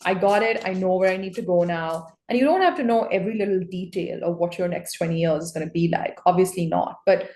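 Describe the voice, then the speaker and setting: Excitable woman reading tarot, echoey room. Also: fairly low pitch. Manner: excitable, gushing exclamations. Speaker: tarot reader.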